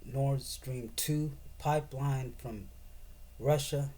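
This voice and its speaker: A man's voice: medium pitch, fairly even intonation, takes it slowly, dark tone. A man giving a profane, sarcastic and rambling political rant as a commentator.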